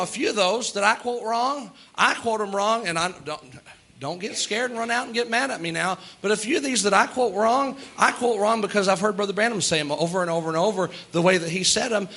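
Bright-voiced man preaching a sermon. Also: high-pitched. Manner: earnest preaching with quick asides and little laughs. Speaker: pastor.

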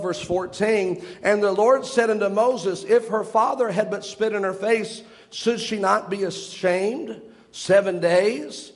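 A man preaching a sermon, retelling a story with long quotes and stopping to explain each detail earnestly. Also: high voice.

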